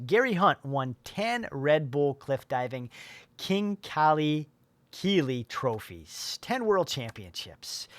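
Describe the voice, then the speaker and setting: A man's voice: mid-range voice, no room sound. Rambling motivational coach, a man. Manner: rambling, many fillers and restarts. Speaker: life coach. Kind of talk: motivational talk.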